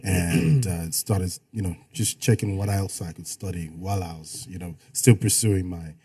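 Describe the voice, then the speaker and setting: A man's voice: low voice, fairly even intonation, normal speed, dark tone, husky. A man who works as a radio DJ and voice-over artist, chatting as a podcast guest in a laid-back way with frequent laughs. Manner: laid-back, laughs often, speaks in restarts. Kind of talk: casual podcast chat.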